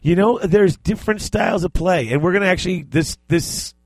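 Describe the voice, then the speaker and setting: A man's voice: high voice, a little fast, darkish tone, no echo. A man co-hosting a casual podcast, easygoing, often trailing off and restarting, laughing along. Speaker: podcast co-host. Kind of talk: casual chat.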